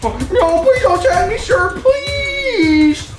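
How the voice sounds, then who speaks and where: A high, whiny little boy who is dim and bratty, his voice leaping wildly up and down as he babbles excitably. The voice rings in an echoey room with music playing behind it. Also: a little slow, full character voice. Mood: babbling.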